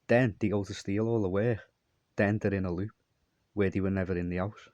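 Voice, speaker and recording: A man's voice: sits low, fairly even intonation, a little fast, a little mellow, dry recording. A man telling a long, meandering story in a repetitive monologue. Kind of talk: rambling monologue.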